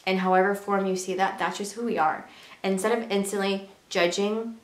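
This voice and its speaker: A woman's voice: mid-range voice, normal speed. Earnest young woman vlogging in echoey room. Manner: earnest, animated, rhetorical questions. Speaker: beauty and lifestyle vlogger. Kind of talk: casual talk to camera.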